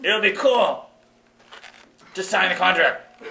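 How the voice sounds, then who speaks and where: A man's voice: sits high, takes it slowly, gravelly, bright, forceful tone, full character voice. A man voicing a pushy, upbeat army recruiter puppet who talks like a salesman in a live puppet show, recorded in an echoey hall. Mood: persuading. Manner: salesy, cheerleading.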